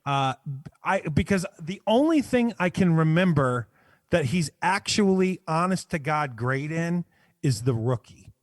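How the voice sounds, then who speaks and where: An easygoing man chatting on a movie podcast, agreeable and a bit hesitant as he talks. His voice sits slightly high. The sound is dry and close. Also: a little slow, dry recording. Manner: relaxed, agreeable, hesitant fillers. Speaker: podcast co-host. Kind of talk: casual movie podcast chat.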